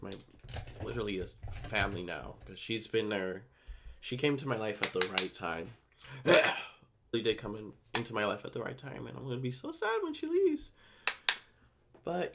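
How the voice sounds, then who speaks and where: A man's voice: medium pitch, background noise. Chatty young man telling a story. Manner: chatty, animated storytelling with quoted dialogue. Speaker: YouTuber. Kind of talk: casual get-ready-with-me chat. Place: San Diego.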